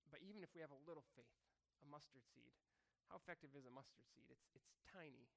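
A man giving a relaxed sermon whose voice sits a little higher than most men's. He talks the way he would to friends, circling back to fix his own wording and easing into scripture readings. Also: fast talker, creaky. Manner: conversational, self-correcting, chuckles at himself. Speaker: pastor.

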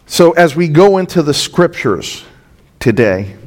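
A man's voice: on the high side, sing-song, a little slow, darkish tone. A man preaching an expository sermon as a pastor, earnest and emphatic, with rhetorical asides to the congregation.

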